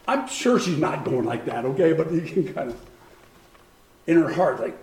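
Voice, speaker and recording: High-voiced man preaching in an echoey room. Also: huge pitch swings, unhurried, pauses often, a little mellow. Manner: conversational preaching, acts out voices with laughs. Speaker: pastor. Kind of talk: sermon. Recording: roomy echo.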